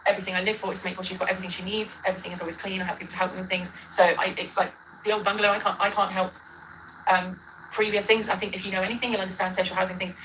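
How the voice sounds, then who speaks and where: Woman, rambling combative rant, fast and bright, livestream playback. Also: mid-range voice, flat delivery, slight background noise, poor audio. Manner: rambling, combative, self-correcting. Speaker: livestreamer in a dispute. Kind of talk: ranting reaction video.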